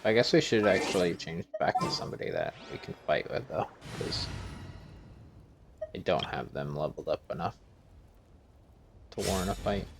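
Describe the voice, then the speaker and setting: A man's voice: low-pitched, lively intonation, moderate pace, vocal fry, long pauses, noisy background. A man hosting a gaming channel, giving casual, offhand commentary and muttering asides to himself as he plays.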